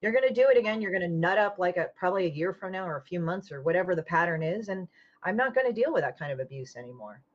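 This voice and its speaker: A woman comic artist in casual podcast chat, talking bluntly and swearing freely as she retells a falling-out with lively energy. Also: lowish voice, fast. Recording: dull lo-fi audio.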